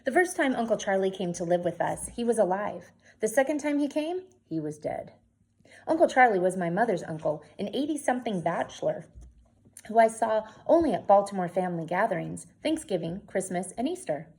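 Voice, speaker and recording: A woman teacher reading a novel aloud, clear and expressive as she tells the story. Her voice sits in a middle range, easy and even. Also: medium pitch, a little fast.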